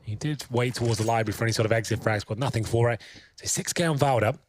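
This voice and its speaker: A man calling an esports match, giving measured, analytical play-by-play. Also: mid-range voice, a little hiss or hum. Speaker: esports caster. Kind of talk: play-by-play commentary.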